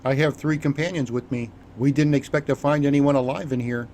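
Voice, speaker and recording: A man's voice: medium pitch, steady tone, brisk, a little mellow, slight background noise, lightly acted. Man playing a terse, commanding squad leader. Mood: steady. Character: stoic male leader in armor.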